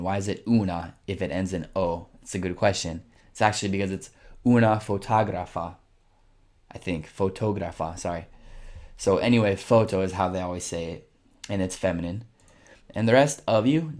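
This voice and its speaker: A man teaching Italian in a casual lesson, explaining slowly and repeating phrases for learners. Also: lowish voice, darkish tone.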